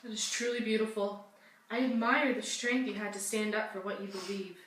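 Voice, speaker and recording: A woman's voice: medium pitch, fairly even intonation, normal speed, fairly bright tone, lightly acted. A young woman playing a talk-show hostess who interviews her guests in a gushing, sympathetic way. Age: young adult. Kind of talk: school-project talk-show role-play. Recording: echoey room, distant mic, faint hum.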